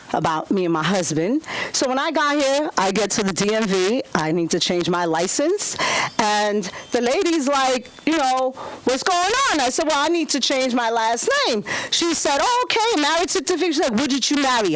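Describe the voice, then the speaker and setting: A woman in her thirties doing a brash, profane stand-up set at an open mic, jumping into squealing high voices for the people she quotes. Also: rough recording. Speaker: stand-up comedian. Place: comedy club stage.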